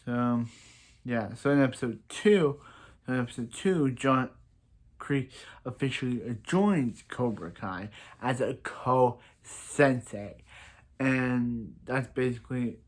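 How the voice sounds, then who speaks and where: A man's voice: mid-range voice, slow pace. A man casually recapping a TV season, rambling with lots of fillers and restarts. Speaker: show recap reviewer.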